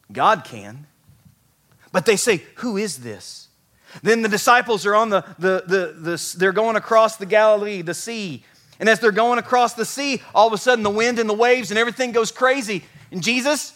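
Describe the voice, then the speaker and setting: A pastor preaching a sermon to his church, animated, acting out the voices of biblical figures and dropping soft and slow for emphasis. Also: high-pitched. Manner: animated, acts out biblical characters' lines.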